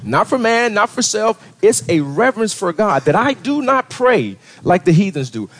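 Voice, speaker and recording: A man preaching a sermon as pastor, talking conversationally, often asking "right?" and restarting his sentences. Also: sits high.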